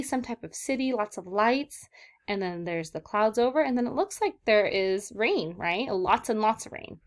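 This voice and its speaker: Young woman teacher, patient and encouraging, leads children through vocabulary words in a video lesson. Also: medium pitch. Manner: encouraging, repeats and checks in with "okay, guys?". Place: southern California.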